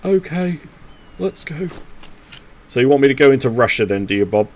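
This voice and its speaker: A man's voice: mid-range voice, racing, slight background noise. Chatty man streaming a game. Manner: chatty, thinking aloud, jokey banter. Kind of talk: casual gaming commentary talking to teammates.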